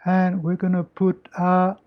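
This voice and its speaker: A man leading a live-streamed guided meditation, speaking slowly and soothingly with gentle instructions. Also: sits high, monotone, no echo. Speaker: meditation teacher. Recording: dull lo-fi audio with music. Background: soft meditation music.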